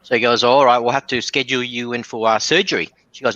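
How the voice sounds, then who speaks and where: Calling into a show, an Australian man rattles off rambling dirty jokes fast, with hardly any pauses and frequent restarts. His voice is medium-pitched, pushed and bright, fairly even in intonation, and the recording is rough with no room sound.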